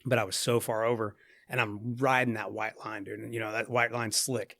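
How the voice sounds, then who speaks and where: A man's voice: on the low side, level tone, a little fast, creaky, a bit bright, no room sound, studio quality. A man guest on a podcast, telling a story in a rambling casual way, full of fillers and swearing. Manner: rambling, profanity-laced, full of "like" and "you know".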